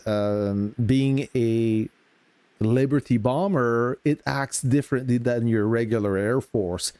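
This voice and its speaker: A man on a live game stream, speaking slowly in a mellow, warm voice with a mid-range pitch. He greets his viewers casually and walks through the game features at an easy pace. The sound is dry and close. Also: clean tone, no echo. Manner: relaxed, greets chat viewers, explains game mechanics.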